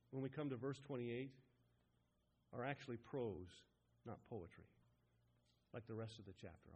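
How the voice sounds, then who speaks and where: Husky-voiced pastor preaching a sermon. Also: male voice, medium pitch. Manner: rising and falling in emphasis, building to loud peaks.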